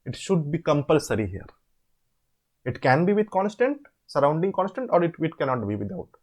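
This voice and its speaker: Man, Indian English accent, tutor, husky, slightly high, explains step by step. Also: very animated. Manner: explains step by step, repeats words slowly, asks rhetorical questions. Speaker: online course tutor. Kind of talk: assignment walkthrough lesson.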